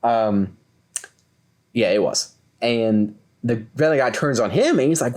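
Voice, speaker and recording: Lively young man telling a story. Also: mid-range voice, measured pace. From Kentucky, USA. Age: 20s. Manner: animated, acts out quoted voices. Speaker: podcast co-host. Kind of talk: casual storytelling.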